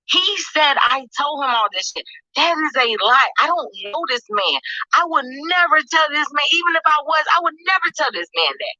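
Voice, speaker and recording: A woman's voice: sits high, animated, moderate pace, sharp tone, no echo. A woman, upset and insistent, defending herself on a livestream. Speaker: livestream guest. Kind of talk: emotional self-defense on a livestream. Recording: dull dry lo-fi stream audio.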